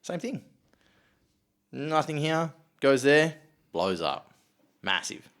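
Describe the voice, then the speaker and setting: A man's voice: a little high, slow. A man with an Australian accent hosting a casual podcast, telling stories loosely, swearing and acting out what people said. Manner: sweary, animated storyteller, acts out quotes. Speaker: podcast host.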